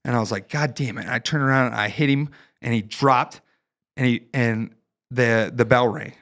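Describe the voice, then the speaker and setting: A man from northern Ohio, a Marine veteran guest on a podcast, telling a wild story in a casual, profane, animated way with laughs. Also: mid-range voice, normal speed. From northern Ohio, United States.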